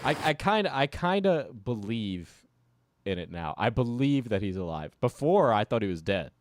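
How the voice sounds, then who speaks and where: A man's voice: fairly low pitch, sing-song, normal speed, a little hiss or hum. A man streaming and reacting to a video, chuckling and rambling through casual asides.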